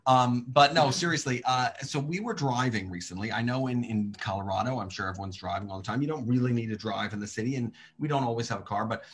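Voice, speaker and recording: Comedian guy telling a story, mid pitch, dry deadpan delivery. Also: quick pace, few pauses.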